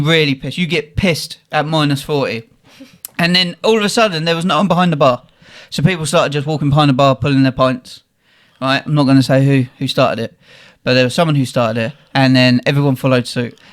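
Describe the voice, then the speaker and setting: A young man, co-hosting a podcast and telling a lively, profane story about a night out. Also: fairly high pitch, fairly quick. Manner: animated, swears freely, quotes people in the story. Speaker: podcast co-host. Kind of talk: casual storytelling.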